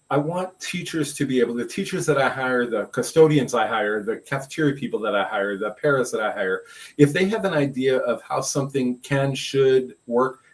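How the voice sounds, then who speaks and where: An older man from Brooklyn talks in a relaxed, conversational way, circling back and restarting his sentences. His pitch sits in the ordinary middle range for a man. He sounds like a seasoned school administrator sharing lessons from his career. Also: rough recording. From Brooklyn, New York. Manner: rambling, restarts and many "you know" asides. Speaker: guest, veteran school administrator. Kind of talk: casual conversational storytelling.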